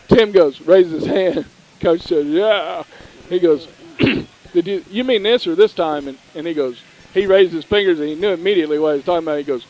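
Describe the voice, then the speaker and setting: High-voiced folksy man telling stories. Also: a little fast, hardly any pauses, poor audio. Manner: folksy, animated storyteller. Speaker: radio sports co-host. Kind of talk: casual storytelling.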